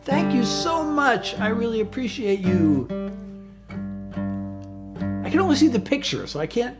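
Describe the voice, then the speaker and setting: Soft-spoken man chatting over loud guitar. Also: high voice. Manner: soft-spoken, rambling, thankful. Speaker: singer-songwriter livestreamer. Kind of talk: casual chat with livestream viewers. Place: bedroom studio.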